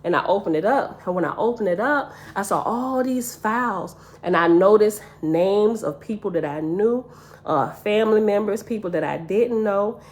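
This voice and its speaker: A woman's voice: medium pitch, moderate pace. A woman telling a dream story to her listeners in an earnest, emotional way, speaking to them directly.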